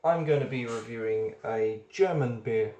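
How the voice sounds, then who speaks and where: A man's voice: medium pitch, moderate pace, warm tone, reverberant, highs cut off, slight background noise. A man hosting a casual beer review video, chatty and rambling, often hesitating as he goes.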